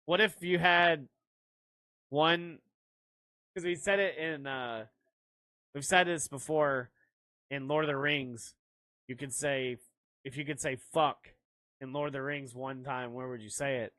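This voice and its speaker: A man's voice: medium pitch, steady tone, measured pace, long pauses, sharp tone, no echo. A man co-hosting a podcast, chatting casually in a rambling, laughing, profane way. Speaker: podcast co-host.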